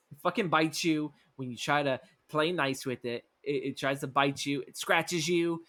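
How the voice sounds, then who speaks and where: A man's voice: fairly high pitch, fairly bright tone. Rambling, profane podcast co-host man. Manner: rambling and profane, acts out characters' lines in quick bits. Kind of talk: casual movie-script recap chat.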